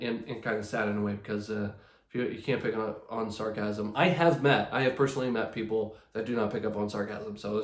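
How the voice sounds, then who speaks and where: A man's voice: medium pitch, reverberant. A man hosting his channel, talking casually and sarcastically in a rambling way with many restarts. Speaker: channel host. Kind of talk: casual talk about card collecting.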